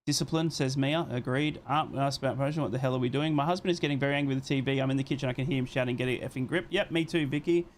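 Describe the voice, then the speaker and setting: Here a young man hosts a live watchalong of a football match, narrating each play and relaying chat messages while swearing with excitable abandon. He speaks very fast in a mid-range voice, barely pausing, over slight background noise.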